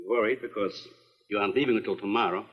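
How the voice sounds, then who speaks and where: A man's voice: lowish voice, fairly even intonation, fast talker, long reverb tail, muffled recording, close to an everyday voice. A middle-aged actor playing an earnest older scientist and father in a 1950s film, formal and explanatory in manner. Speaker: scientist running an island lab.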